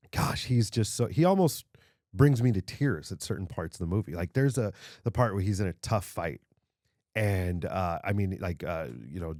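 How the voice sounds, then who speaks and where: A man co-hosting a casual podcast, retelling a favourite film with animated, stumbling enthusiasm. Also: low voice, no room sound, studio quality. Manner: animated storytelling, stumbles and repeats words. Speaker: podcast co-host.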